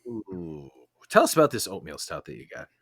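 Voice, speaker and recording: Lively low-voiced man hosting a beer podcast. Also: brisk, dry recording. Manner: laughs often, frequent fillers and restarts. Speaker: podcast host. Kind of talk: casual chat. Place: Chicago area.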